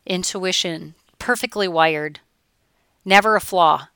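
A middle-aged woman coach giving a chatty, animated motivational talk, now and then acting out her clients' voices. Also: mid-range voice, moderate pace, smooth, dry recording, clean studio sound.

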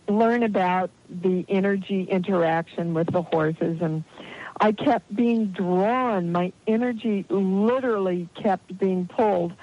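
A woman guest telling a lively personal story in an interview, acting out the voices of the people in it and laughing now and then. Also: medium pitch, highs cut off. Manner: animated anecdotal storytelling, quotes voices, laughs easily. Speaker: guest, healer.

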